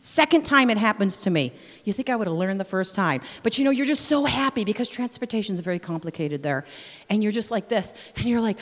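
In a large church sanctuary whose long reverb colors the recording, a woman missionary preaches at a brisk pace in a medium pitch. She tells personal stories with lively flair, acting out scenes and exclaiming praise along the way.

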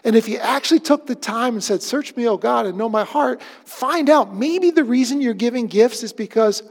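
A man preaching a sermon, with a conversational, animated storytelling manner. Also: very high voice, moderate pace, hardly any pauses, in a large hall. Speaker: pastor.

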